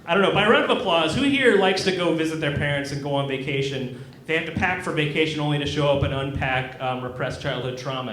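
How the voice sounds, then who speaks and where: A young man from Kansas works a comedy club crowd with a self-deprecating, awkward delivery full of ums and trailing pauses. His voice sits a bit high for a man. The room is roomy, with faint noise behind him. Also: fairly bright tone. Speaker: stand-up comedian. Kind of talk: stand-up set. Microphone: handheld stage mic. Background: audience laughter.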